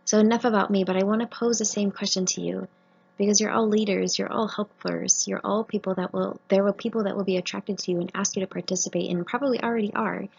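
Husky woman giving an earnest faith talk. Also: medium pitch, steady tone, quick pace, darkish tone. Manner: earnest personal testimony. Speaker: family physician speaker. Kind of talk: faith-based talk to trainees. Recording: muffled lo-fi recording.

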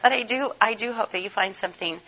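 An older woman speaks to a conference audience in a bright, forward voice, hoarse and scratchy from laryngitis. She is chatty and folksy and puts questions to the room. The recording is dull and lo-fi. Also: medium pitch, fast. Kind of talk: conference presentation.

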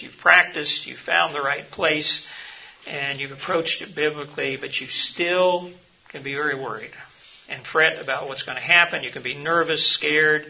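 A middle-aged man gives an earnest, story-filled seminar talk in a slightly high, gravelly voice, with plenty of ums and uhs. The recording is dull and lo-fi. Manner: earnest, anecdotal, speaks with frequent fillers. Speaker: mission hospital leader teaching a session.

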